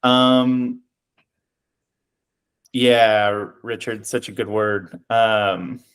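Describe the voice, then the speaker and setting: Relaxed male co-host moderating a call. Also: lowish voice, very slow, clear, resonant tone. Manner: relaxed, filler-heavy, friendly. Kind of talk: casual group call moderation. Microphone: video call.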